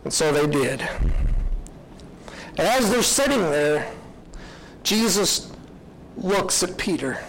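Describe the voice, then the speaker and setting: A man's voice: high voice, big pitch swings, takes it slowly, long pauses, fairly bright tone, slight background noise, low-quality recording. A man preaching a sermon, retelling a story in an earnest, reflective way.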